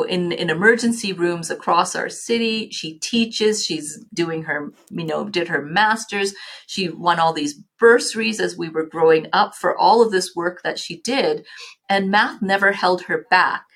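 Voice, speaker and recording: Her voice sits on the low side, creaky with a fairly bright tone. She's a middle-aged nonprofit leader from Canada, guesting on an interview podcast and telling reflective stories, often restarting and using fillers.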